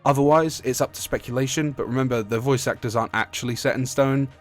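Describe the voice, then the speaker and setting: A British man gives a loose, chatty commentary, drifting between thoughts and patching up his own sentences as he goes. His voice sits at an ordinary middle pitch. A faint bed of music plays quietly underneath. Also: fairly even intonation, fast. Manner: rambling, self-correcting, chatty. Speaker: gaming video creator. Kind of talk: casual video commentary.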